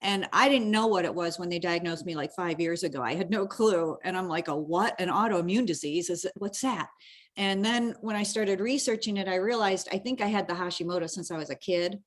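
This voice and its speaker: A woman's voice: lowish voice, fairly quick, hardly any pauses. A woman hosting a podcast, chatting casually and emotionally with her guest, often restarting her sentences. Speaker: podcast host. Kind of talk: casual interview chat.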